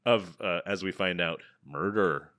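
A man co-hosting a casual film-review podcast, sarcastic and quick to laugh, his sentences trailing off quietly at times. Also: sits low, dry recording, clean studio sound. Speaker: podcast co-host.

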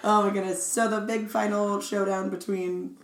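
A woman's voice: medium pitch, little pitch movement. A woman chatting casually on a podcast, joking and giggling often. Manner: giggly, joking, quick asides. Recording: roomy sound with loud crowd noise.

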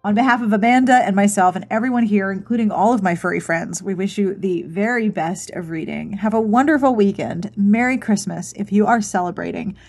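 A woman's voice: mid-range voice, fairly quick, hardly any pauses, a little mellow. A woman hosting a podcast and reading its outro in a chatty, easily amused way. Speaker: podcast host. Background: faint music.

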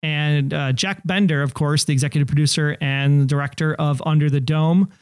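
Chatty man co-hosting a podcast, slightly high voice. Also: fairly even intonation, moderate pace, darkish tone, smooth, no room sound, clean studio sound. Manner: chatty, laughs easily. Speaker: podcast co-host. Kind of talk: casual podcast chat.

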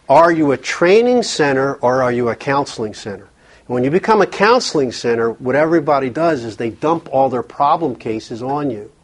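A man's voice: mid-range voice, animated, brisk. A man speaking earnestly at a church counseling workshop, often repeating words as he thinks. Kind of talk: conversational workshop talk.

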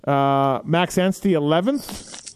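A man hosting a podcast, telling stories in a casual, animated way with lots of filler phrases. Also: a little high, slow pace, clear, resonant tone. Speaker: podcast host.

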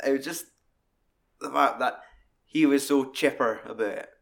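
A man's voice: medium pitch, moderate pace, vocal fry. A man, co-hosting a casual film discussion, rambling and swearing a lot. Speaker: podcast co-host.

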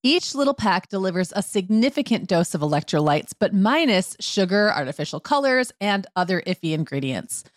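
A woman co-hosting a parenting podcast, reading sponsor copy in a lively, jokey way. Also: medium pitch, fairly quick, hardly any pauses, no room sound, clean studio sound. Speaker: podcast co-host. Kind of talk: casual podcast chat with read ads.

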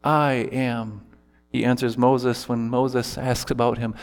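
A man's voice: mid-range voice, level tone, slow, in a large hall, faint music behind. A man preaching an earnest sermon as pastor, voicing scripture quotes with feeling. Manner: earnest preaching, quoting scripture in character voices.

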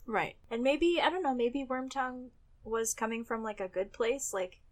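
A woman's voice: fairly high pitch, normal speed. A woman co-hosting a podcast, chatting about a film and giggling often. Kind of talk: casual podcast chat.

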